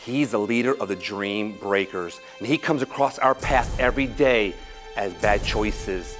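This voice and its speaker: A man giving an energetic motivational speech at a school assembly, leading children in call-and-response chants. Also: fairly low pitch, measured pace. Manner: animated and exclamatory, leading chants. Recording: background music under the voice. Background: music.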